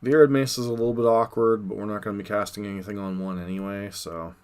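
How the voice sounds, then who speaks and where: A man's voice: lowish voice, steady tone, fast, darkish tone, clean tone. A man giving casual, dry, resigned commentary while playing a card game online.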